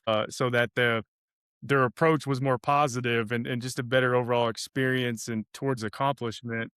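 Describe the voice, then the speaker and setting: Male host, casual and keen, smooth clear voice, dry close mic. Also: medium pitch, a bit bright, no echo. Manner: enthusiastic, casual, rambling with restarts. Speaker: podcast host. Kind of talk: conversational interview.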